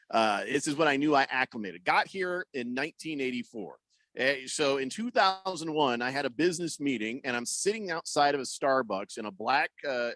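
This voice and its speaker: A man's voice: mid-range voice, no echo. A middle-aged man hosting a radio show, chatting casually and telling rambling stories, acting out voices in his anecdotes. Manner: rambling storyteller, animated, acts out voices in anecdotes. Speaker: radio host. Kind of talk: casual sports radio chat. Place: radio studio.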